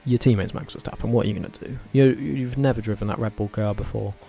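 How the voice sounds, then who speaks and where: Low, mellow man rambling opinions. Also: quick pace, vocal fry. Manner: rambling and animated, with self-corrections and tangents. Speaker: vlogger. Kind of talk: casual opinionated commentary.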